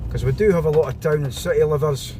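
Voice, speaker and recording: Streaming live on his phone, a man from Scotland talks casually with viewers and greets them repeatedly, first from his car and later outdoors in the snow. He speaks quickly in a slightly high voice, and the phone mic catches road and car noise.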